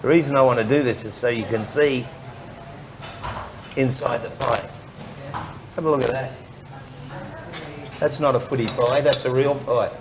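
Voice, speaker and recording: A man's voice: medium pitch, normal speed, long pauses. A man with a mid-range voice talks casually and jokes while he eats. He hosts a travel segment from a restaurant table. Plates and chatter fill the noisy room around him. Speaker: travel show host. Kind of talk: casual chat over a meal.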